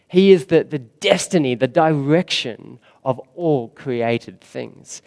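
A man preaching a sermon in a church, slow and emphatic, with dramatic rises and quiet drops. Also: a little high, creaky. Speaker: pastor.

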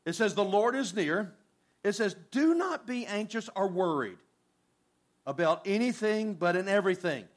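A man preaching a sermon, reading scripture and acting out prayers in an animated, conversational way. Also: sits high, moderate pace. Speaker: pastor.

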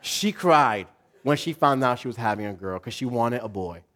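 Preaching in a relaxed, slangy style, a man gives a conversational sermon full of animated stories with voices he acts out. He's a pastor with a medium-pitched voice and a normal speaking speed.

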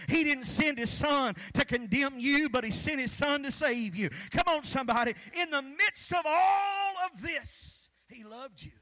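Man, pastor, sermon, very high voice, call-and-response, forceful. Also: moderate pace, few pauses. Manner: fervent call-and-response preaching, shouts at peaks.

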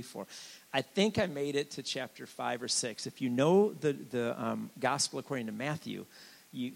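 A man's voice: mid-range voice, gravelly, big-room sound. An older man giving a candid, joking testimony sermon as a guest preacher in a church. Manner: candid, joking, animated storytelling.

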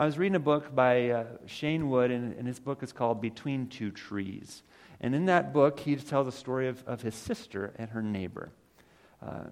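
A man preaching a sermon in a church, telling a story and building to emphatic peaks. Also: mid-range voice. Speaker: pastor. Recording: reverberant hall.

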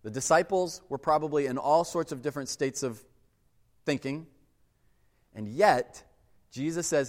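A man's voice: mid-range voice, expressive, measured pace. A man preaching a sermon as a pastor, talking in a conversational way and acting out quoted voices. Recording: long hall reverb.

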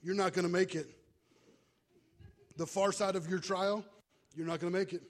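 A pastor putting on a smug lazy devil. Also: male voice, sits high, fairly even intonation, brisk, lightly acted. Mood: taunting. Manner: laid-back, possessive taunting. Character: smug male devil crashing a dinner table.

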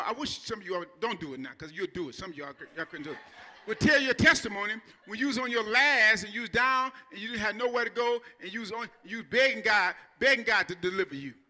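High, bright-voiced preaching pastor, a man. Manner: preaching with bursts of shouting and laughter. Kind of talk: sermon.

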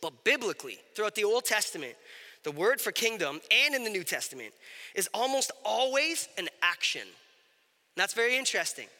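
A man with a high, ringing voice delivers a sermon in a relaxed, conversational way, checking in with the room as he goes. His voice is very bright and cutting. A long hall reverb trails each phrase. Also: moderate pace. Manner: conversational, animated, asks the audience questions. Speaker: pastor.

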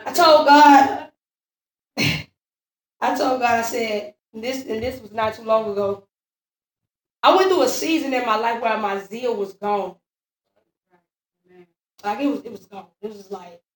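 A woman's voice: fairly high pitch, unhurried, long pauses. A woman preaching a sermon, telling her own testimony and repeating phrases in a building call-and-response rhythm. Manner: testimony-driven, repetitive call-and-response cadence. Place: church sanctuary. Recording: echoey church room, far from mic.

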